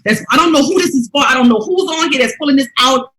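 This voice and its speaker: A woman delivers a motivational testimony in a fairly high voice. Her talk is emphatic and preacher-like, dropping to a hush and then rising to near shouts. The room around her is echoey. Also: quick pace. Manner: emphatic, preacher-like, swings from hushed to loud. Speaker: motivational speaker.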